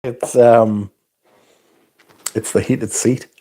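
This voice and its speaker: A man's voice: mid-range voice, steady tone, very slow, dark tone, a little hiss or hum. A man hosting a casual livestream, rambling with crude, profane jokes and reading out viewer comments. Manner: rambling, crude, profane and jokey, with frequent restarts. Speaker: livestream host reviewing fragrances.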